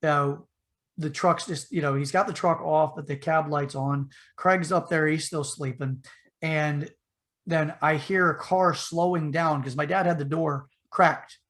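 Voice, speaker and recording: On a podcast, a man with a slightly high voice tells a long story at a slightly slow pace. He rambles loosely with lots of fillers and restarts, animatedly acting out the voices of the characters.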